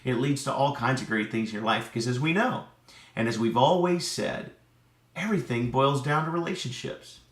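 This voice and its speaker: A man teaching a lesson on building rapport, animated, often checking with "right?". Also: medium pitch, normal speed. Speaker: sales and relationship coach. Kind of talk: teaching talk to camera. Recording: echoey room.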